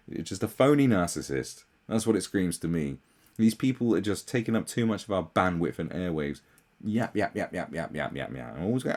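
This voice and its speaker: A young man ranting sarcastically as a commentary host, swearing often and mocking others in shrill put-on voices. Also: darkish tone.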